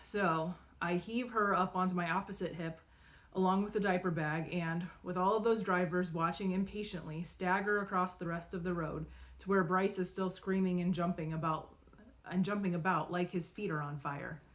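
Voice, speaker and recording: A woman narrating a novel in the first person, expressive and acting out the dialogue. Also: on the low side, normal speed. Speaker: audiobook reader.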